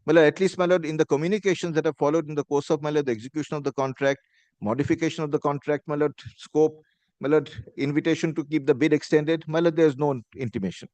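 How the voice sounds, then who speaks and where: A man's voice: fairly high pitch, fairly even intonation, fast talker, a little mellow, no room sound. A man with an Indian English accent, an advocate making a formal courtroom argument and saying "my lord" again and again. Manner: formal, repeats "my lord" constantly. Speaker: advocate arguing before a judge.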